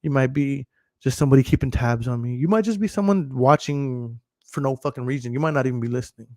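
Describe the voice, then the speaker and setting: This podcast host, a man in his thirties, delivers a casual livestream monologue at a fast clip. His mid-range voice has a darkish tone with no room sound, and he's emphatic, profane, and frequently laughing.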